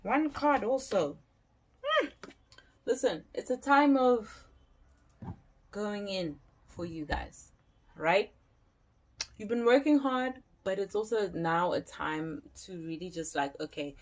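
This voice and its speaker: A woman's voice: medium pitch, expressive, slow pace, pauses often. A woman giving a casual tarot reading, chatty and slangy, swearing now and then. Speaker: tarot reader.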